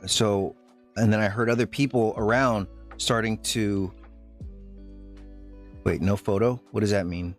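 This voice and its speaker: A man with a lowish voice talks casually to his live chat and tells the story in a loose, rambling way. He stops often, restarts his sentences and fills the gaps with ums and uhs. Faint music plays underneath. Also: steady tone. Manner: rambling, halting, with many fillers and restarts. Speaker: live streamer.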